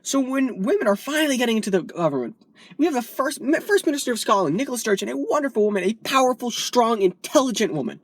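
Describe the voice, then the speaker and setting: A woman's voice: a little high, sing-song, quick pace, no echo, studio quality. A woman vlogger delivering a heated, profane political rant, from the United States.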